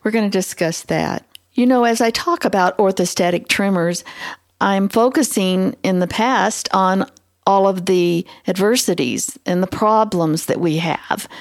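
A middle-aged woman hosting a podcast, telling her own story in an earnest, expressive way that often speeds up. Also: medium pitch. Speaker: podcast host. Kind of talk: personal storytelling monologue.

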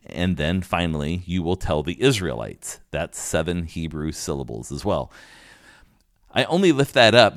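Low-voiced pastor teaching a sermon. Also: male voice, no echo, clean studio sound. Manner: teaching, explanatory, with restarts and fillers.

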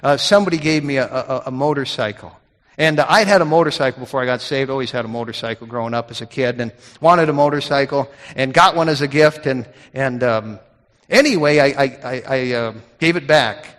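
A man's voice: mid-range voice, brisk, fairly bright tone. A middle-aged man preaching a sermon as a pastor, telling stories in a folksy way with frequent restarts. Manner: folksy storytelling with repeated restarts. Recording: long hall reverb.

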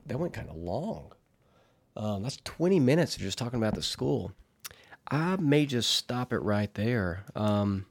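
A man's voice: on the low side, breathy edge. A man hosting a casual solo podcast, telling a story in a chatty, rambling way and laughing at himself.

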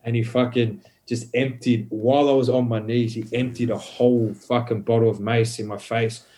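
A man's voice: medium pitch, normal speed. A man, a podcast guest telling a long story in casual talk, swearing a lot and rambling with many fillers. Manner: swears heavily, rambling and animated.

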